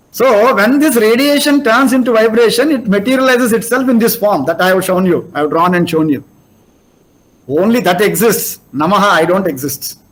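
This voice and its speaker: The recording is low quality, capturing an older man's high, fairly bright voice and Indian English accent. Lecturing on scripture, he walks through his explanation step by step and asks rhetorical questions.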